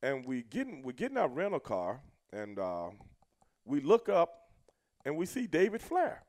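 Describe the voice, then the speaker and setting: A middle-aged American man telling a road story casually, cursing a lot and shouting out the lines he quotes. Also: medium pitch, fairly quick. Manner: profane, animated, shouts when quoting himself.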